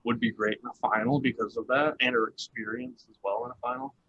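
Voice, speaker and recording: Bright-voiced man on a casual podcast. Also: mid-range voice, steady tone, fast, breathy edge, highs cut off. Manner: chatty, laughs often, many "like" fillers. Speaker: podcast co-host. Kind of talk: casual chat recapping a reality show.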